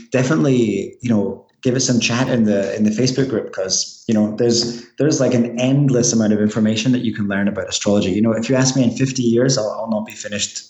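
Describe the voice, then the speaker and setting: A man's voice: on the low side, darkish tone, lo-fi sound. A man with a Glaswegian Scottish accent, an astrologer chatting casually on a podcast, rambling with lots of restarts and fillers. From Scotland. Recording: roomy echo.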